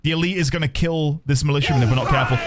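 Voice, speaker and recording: A man streaming live gameplay, talking excitedly and shouting at the action. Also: on the high side, rapid-fire, heavy background noise. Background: loud game music.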